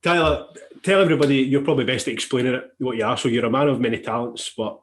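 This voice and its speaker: A man with a Scottish accent hosting a podcast interview, friendly and quick to laugh. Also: mid-range voice. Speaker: podcast host. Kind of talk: casual interview chat.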